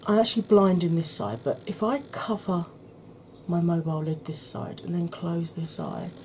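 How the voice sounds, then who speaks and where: Brief: woman, soft ASMR tutor, husky, mellow low voice, faint hiss. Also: expressive, normal speed. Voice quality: slightly husky. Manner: chatty, explanatory, soft-spoken. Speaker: makeup tutorial host.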